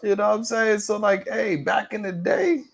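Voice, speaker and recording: A man's voice: high-pitched, moderate pace, vocal fry, husky. A man hosting a morning show livestream, chatting casually and joking as he talks straight to his viewers.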